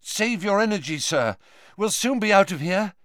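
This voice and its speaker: A man's voice: sits high, expressive, normal speed, a bit bright, dry recording, clean studio sound, pitched above the performer's own voice. A man voicing an anxious, out-of-breath teenage boy wizard who urges and pleads. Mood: anxious, firm. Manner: pleading, panting urgency.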